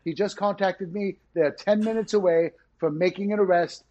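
A man voicing a brisk, self-important male official who talks in a hurry and trips over his words. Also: high-pitched, fairly even intonation, dark tone, voice pushed down, natural voice. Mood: officious.

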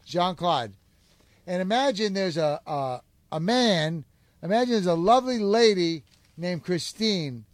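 A man's voice: high-pitched, animated, a little slow, dry recording. A man hosting a comedy podcast, rambling through goofy improvised bits with lots of fillers, on a close, dry mic.

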